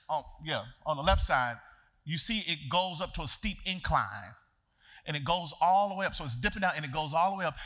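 Man, pastor, storytelling sermon, high voice, bright tone, animated. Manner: animated, shouts and laughs while acting out the story; casual colloquial address to the congregation.

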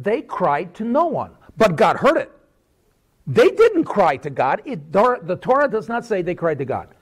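A high-voiced man preaches a sermon as pastor, animated and full of repeated rhetorical questions, swinging between loud and quiet.

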